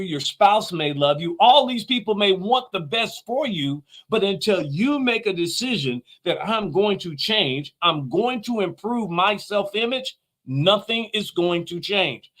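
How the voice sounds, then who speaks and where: High-voiced man giving an emphatic motivational talk. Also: fairly bright tone. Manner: emphatic, repeats key phrases. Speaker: motivational speaker.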